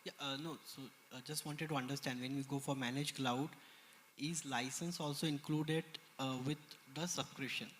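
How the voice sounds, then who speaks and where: A man's voice: mid-range voice, steady tone, normal speed, a bit bright. A man in a conference audience asking a presenter persistent technical follow-up questions. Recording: reverberant conference hall, faint noise.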